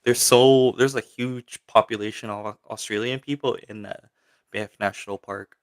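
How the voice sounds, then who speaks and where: On a casual stream, a young male host reads questions from the chat and replies in a loose, chatty ramble packed with fillers. His voice is on the low side, with fairly even intonation and normal speed.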